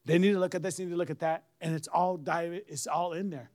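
Middle-aged pastor guy preaching a story, high voice, gets loud and shouty with praise. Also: fairly even intonation, fast. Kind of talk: sermon testimony.

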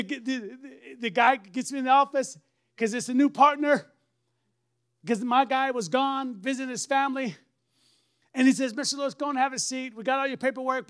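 A middle-aged man, a pastor, telling a story in a sermon with lively swings and bursts of shouted praise. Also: very high-pitched. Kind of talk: sermon testimony.

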